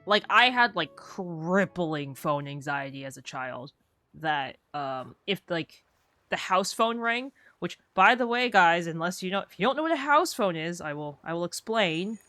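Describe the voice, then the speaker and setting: A woman's voice: on the low side, lively intonation, a little slow, pushed and bright, dry recording, soft background music. A young woman streamer chatting casually while she plays, rambling through stories and saying "like" a lot. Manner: rambling storyteller, heavy use of "like". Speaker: game streamer. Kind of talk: casual chat while gaming.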